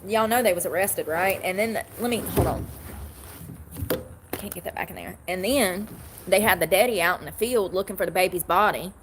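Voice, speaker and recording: A woman's voice: medium pitch, moderate pace, noisy background. A woman chatting casually to her livestream audience, rambling and answering comments, from the United States. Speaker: livestream host.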